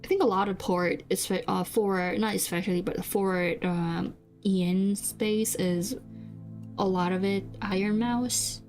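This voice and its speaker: Speaking slowly in a mid-range, darkish voice with fairly even intonation, a young VTuber from South Korea chats casually on stream. Korean is her first language, and her talk is rambling and hesitant, full of fillers and restarts, with faint music in the background.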